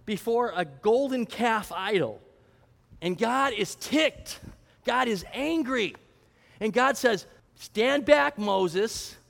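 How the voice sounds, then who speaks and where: High-voiced pastor preaching in a hall. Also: male voice, a bit bright. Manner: conversational, asks questions and answers them; acts out prayers and a mock auction. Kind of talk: sermon.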